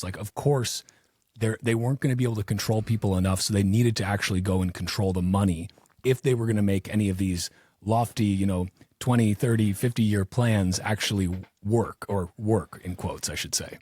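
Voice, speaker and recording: A man's voice: on the low side, a little mellow, slightly rough, no echo, clean studio sound. A man hosting a podcast in casual conversation, talking in a sarcastic, mocking way. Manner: sarcastic, mocking quoted officials. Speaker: podcast host.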